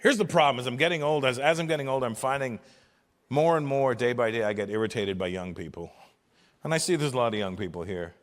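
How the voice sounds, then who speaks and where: A man in his fifties performing a stand-up comedy routine, profane and animated, slipping into voices for quotes. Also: mid-range voice, fast. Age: 50s. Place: large live venue with audience. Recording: long hall reverb from a stage.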